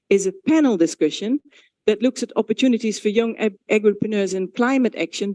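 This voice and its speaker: A woman's voice: medium pitch, a little mellow, no echo. A woman moderating a conference, explaining the schedule to the audience in a chatty way with self-corrections. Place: conference venue.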